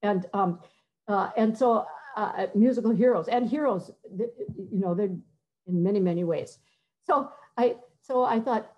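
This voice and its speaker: Halting woman composer with lo-fi sound. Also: mid-range voice. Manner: halting, searching for words, sings short phrases to demonstrate. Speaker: composer giving a talk. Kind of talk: conversational talk with many fillers and restarts.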